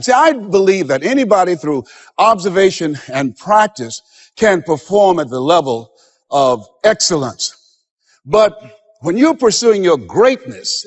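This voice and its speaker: Emphatic male motivational speaker, lively pitch. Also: in a large hall. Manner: emphatic, preacher-like delivery that acts out quoted voices. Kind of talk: motivational seminar speech.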